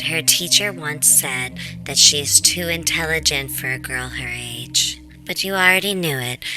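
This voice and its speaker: A woman reading a text horror game aloud in the second person, with a few quiet asides of her own. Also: very deep voice, low-quality recording. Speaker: gameplay narrator.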